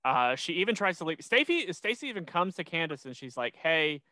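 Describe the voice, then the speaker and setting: A young man hosting a podcast, recapping an episode in casual chat with lots of restarts and an animated delivery. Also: a little high, fairly quick, no room sound. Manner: rambling, many restarts, animated. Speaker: podcast host.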